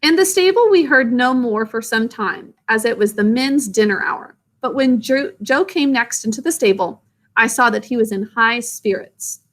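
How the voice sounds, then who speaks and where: A woman reads a classic storybook aloud to young listeners, stopping often to ask them gentle questions and explain hard words. Her voice sits slightly above the usual pitch for a woman. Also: animated, normal speed. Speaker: storyteller reading to children. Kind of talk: read-aloud with explanations for children.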